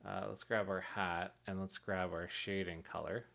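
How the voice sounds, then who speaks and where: A man's voice: sits low, unhurried, vocal fry. Easygoing man thinking aloud. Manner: relaxed, thinks aloud, chuckles at own mistakes. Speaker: streamer making pixel art for a game. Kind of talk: casual narrated live stream.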